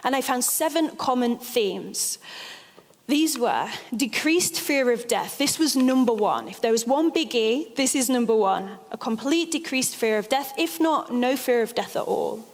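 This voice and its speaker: A woman speaks from a stage in an animated storytelling manner, leaning hard on key phrases. Her voice sits a little high. The sound rings with the long reverb of a large hall. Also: unhurried. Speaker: speaker giving a stage talk. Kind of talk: storytelling lecture.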